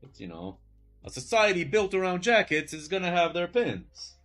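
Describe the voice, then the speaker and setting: A man doing a pompous know-it-all in an invented accent, explaining slowly with halting stumbles as the pitch rises and falls. Soft music plays quietly underneath. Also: sing-song, exaggerated voice. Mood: mock-explanatory. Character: adult man mock-lecturing in a made-up accent.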